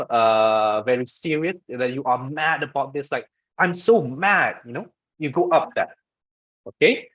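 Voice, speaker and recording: Man, informal lecture, conversational, frequent check-ins, lo-fi webinar sound. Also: fairly high pitch. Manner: demonstrates voice patterns by shifting loud and soft. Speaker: webinar speaker on public speaking. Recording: dull lo-fi webinar audio.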